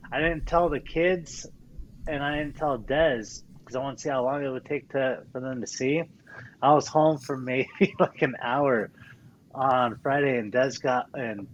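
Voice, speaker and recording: A man spins a story in loose podcast banter, mid-pitched and foul-mouthed. He laughs through his own tale, and a light background hiss sits under the voice. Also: highs cut off. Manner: animated, laughing, swears freely. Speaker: podcast guest. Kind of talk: casual storytelling chat.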